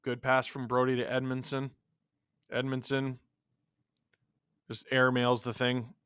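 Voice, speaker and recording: A male host watching a hockey game live, calling the plays, reacting loudly and reading out chat messages. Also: mid-range voice, little pitch movement, measured pace, pauses often, clean tone, dry recording, clean studio sound. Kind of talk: live watch-along commentary and chat replies.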